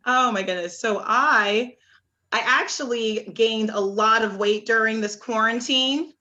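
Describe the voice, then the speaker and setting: A young woman from Oklahoma performing a stand-up comedy set on a club stage, with a halting delivery full of restarts and dry punchlines. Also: on the high side, pushed and bright, lo-fi sound.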